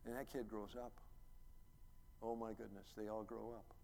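A middle-aged man, a pastor, preaching a sermon as a story, acting out quotes and building to loud, emphatic peaks. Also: fairly low pitch, level tone, moderate pace, gravelly. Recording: long reverb, faint ambient noise.

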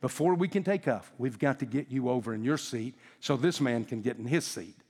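A man's voice: medium pitch, lively intonation, brisk, darkish tone, slightly rough, big-room sound, pitched below the performer's own voice. A man voicing a tired female flight attendant pleading with a passenger. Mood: weary.

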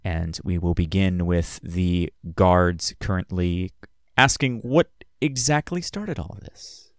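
Low, smooth-voiced man narrating a game. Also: takes it slowly, dry recording, studio quality. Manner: hesitant, with many fillers. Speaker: game master.

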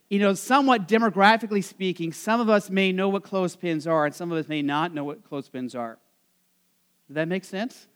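High-voiced man preaching conversationally. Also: smooth. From Nebraska, USA. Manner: conversational, full of fillers, asks the congregation questions. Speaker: pastor. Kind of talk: sermon. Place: church service.

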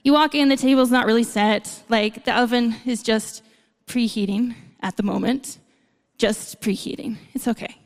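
A woman's voice: on the high side, fairly even intonation, moderate pace. A woman preaching a sermon in a conversational way, with playful asides to the congregation. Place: church hall. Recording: long hall reverb.

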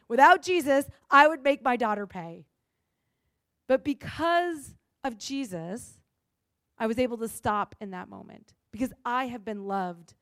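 A woman pastor giving a sermon in an earnest, expressive way, acting out the lines she quotes. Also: fairly high pitch, dry recording, clean studio sound.

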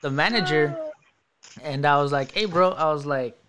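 A man co-hosting a casual podcast with a slightly raised pitch, telling animated anecdotes broken up by laughter. Clear background noise runs under his voice. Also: normal speed. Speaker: podcast co-host. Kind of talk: casual chat.

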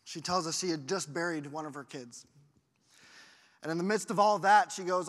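A man's voice: on the high side, normal speed, long pauses, fairly bright tone. A man pastor giving an earnest storytelling sermon, often repeating words as he goes. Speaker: family life pastor. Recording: echoey hall.

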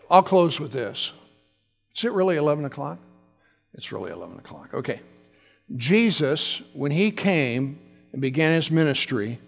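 A man's voice: fairly high pitch, in a large hall. A male pastor preaching a fervent sermon, calling out to his congregation.

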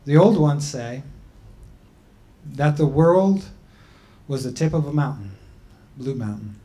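A man giving a talk and telling a traditional creation story in a measured, deliberate way with frequent pauses. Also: medium pitch, lively intonation, warm tone. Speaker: speaker.

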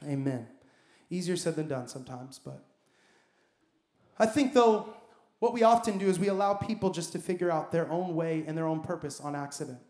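A man's voice: on the high side, expressive, moderate pace, a little mellow. A man preaching a sermon as pastor, emphatic and building his points with repeated phrases. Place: church sanctuary. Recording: echoey church hall.

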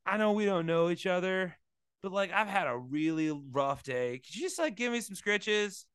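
A man's voice: sits high, normal speed, a bit bright, clean tone, no room sound, clean studio sound. A man voicing a weary, friendly bald eagle that pleads for a bit of scratching. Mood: pleading.

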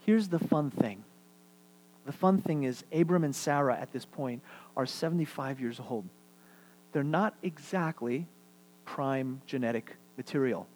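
A middle-aged pastor with a mid-range voice preaches a sermon at a measured pace, animated and swinging between loud emphasis and quiet asides. He repeats phrases to press his points.

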